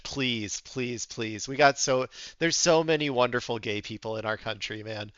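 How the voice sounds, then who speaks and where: A man streaming and reacting to news clips with blunt, sarcastic, profane commentary, often breaking into loud laughter. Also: mid-range voice, normal speed, hardly any pauses, clear, resonant tone, dry recording, lo-fi sound.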